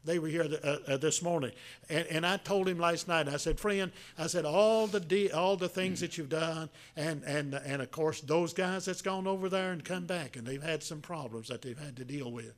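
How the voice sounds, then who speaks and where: A man, preaching a sermon in a folksy, halting way, with many restarts and fillers. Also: on the high side. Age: 70s. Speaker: pastor.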